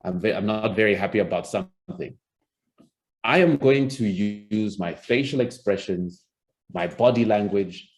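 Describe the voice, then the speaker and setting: A public speaking coach gives a recorded lesson on presentation skills, showing techniques by shifting his tone and pace. His voice is fairly low and he speaks a little slowly.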